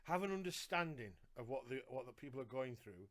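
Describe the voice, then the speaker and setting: A man's voice: mid-range voice, lively intonation, a little fast, a bit bright. A man co-hosting a casual podcast, earnest and listing his points, repeating himself for emphasis. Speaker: podcast co-host and carer. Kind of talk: casual live podcast chat.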